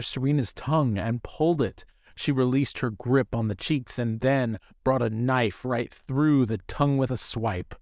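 A man narrating a rhyming story in a measured, unhurried way. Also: medium pitch, dry recording, clean studio sound.

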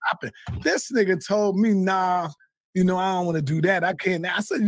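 A man telling a heated, profane story in casual talk, often shouting. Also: high-pitched, fairly even intonation, moderate pace, dry recording, clean studio sound. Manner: swears a lot, heated. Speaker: guest. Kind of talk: animated storytelling.

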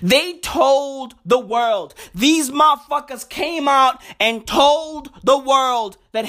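A man delivering a profane comic rant, loaded with slang, who shouts in bursts and swings his pitch up and down wildly. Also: slow, hardly any pauses. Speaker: vlogger. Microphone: home recording setup.

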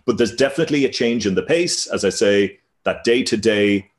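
A man, a news reporter, answering an interview in a measured, reflective way with hedging fillers. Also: lowish voice, lively intonation.

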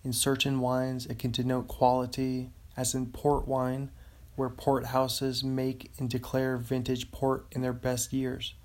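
A man's voice: mid-range voice, monotone, measured pace. A man hosting a casual solo podcast, rambling and easily amused, chuckling as he reads material aloud. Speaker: podcast host.

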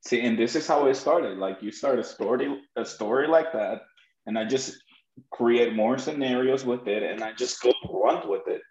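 A man's voice: medium pitch, normal speed, a little mellow. A man with a Spanish accent hosting a podcast, joking and telling stories in casual chat. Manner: joking, storytelling, laughs often. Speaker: podcast host. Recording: dull lo-fi roomy sound.

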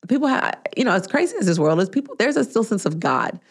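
A woman in her thirties, a podcast host, chatting casually and telling an animated story, acting out the people she quotes. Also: mid-range voice, fast talker, husky. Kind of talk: casual chat.

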